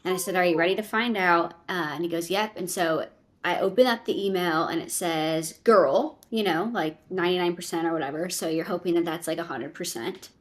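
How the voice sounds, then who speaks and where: A young adult woman, a podcast guest, telling a personal story in casual conversation, full of "like"s and lively quoted voices. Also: lowish voice, fairly quick. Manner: chatty, filler-heavy retelling with many "like"s, quoting others in lively voices.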